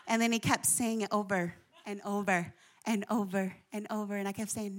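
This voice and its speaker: A woman's voice: medium pitch, a little fast. A woman pastor giving a sermon, mixing funny personal stories with preaching and asides to the audience. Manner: animated, humorous storytelling with asides to the audience.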